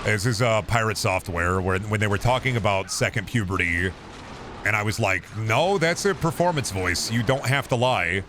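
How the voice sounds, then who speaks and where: A man in his thirties with a deep voice, chatting casually on a stream into a boom mic, rambling with many restarts and casual swearing. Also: normal speed, background noise. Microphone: boom microphone with compressor and EQ.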